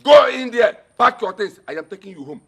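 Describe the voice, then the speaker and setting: A man's voice: extremely high pitch, sing-song, fairly quick, creaky, a bit bright, husky, exaggerated voice. An actor playing a sly, mocking male relative who taunts a loyal wife. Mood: taunting. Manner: taunting, sneering, smug. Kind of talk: film drama acting.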